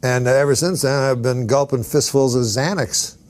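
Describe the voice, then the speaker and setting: A man with a Canadian accent, chatting as a comedian guest in a halting, deadpan way, full of restarts and dry jokes. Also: mid-range voice. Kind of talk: casual interview chat.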